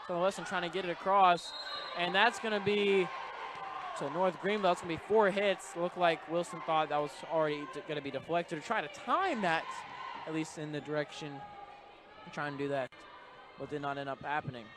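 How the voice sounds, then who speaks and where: A young man giving brisk, conversational play-by-play commentary of a live volleyball match from inside a college gym. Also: a little high, crowd noise. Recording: noisy gym broadcast audio. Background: gym noise with bouncing balls.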